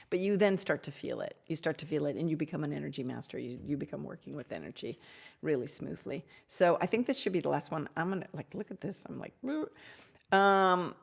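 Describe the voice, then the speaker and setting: A woman hosting a live Q&A on spiritual topics, effusive and gushing, sometimes dropping into soft whispers. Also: sits low, creaky, breathy edge. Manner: warm, effusive, drops to soft whispers at times. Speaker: host answering audience questions.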